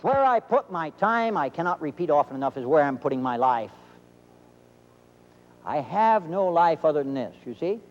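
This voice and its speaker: An older man speaking in an earnest, emphatic, measured way, recorded in a reverberant hall. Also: a little high, very animated, lo-fi sound. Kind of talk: reflective monologue.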